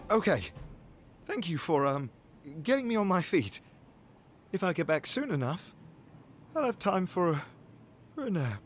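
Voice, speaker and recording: A weary young miner with a British accent drifts through his words in a drowsy ramble. His pitch sits a touch high and swings widely. It is game voice acting. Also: big pitch swings, measured pace, long pauses, soft background music.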